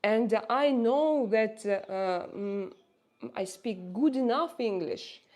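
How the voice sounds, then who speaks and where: A woman's voice: a little high, expressive, slow, a little mellow. A woman in her forties with a Russian accent, talking casually to her livestream viewers, hesitating often with fillers and restarts. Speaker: livestream host.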